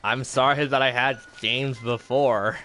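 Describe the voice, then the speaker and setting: A man's voice: medium pitch, fairly even intonation, a little slow, pushed and bright. A man chatting casually in a rambling way while streaming gameplay. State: has the hiccups. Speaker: gaming streamer.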